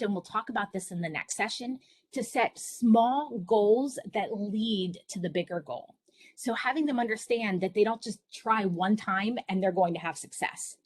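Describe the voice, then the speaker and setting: In an online session for parents, a middle-aged woman speaks earnestly and encouragingly about her own experiences. Her mid-range voice carries a breathy edge, and there's no echo.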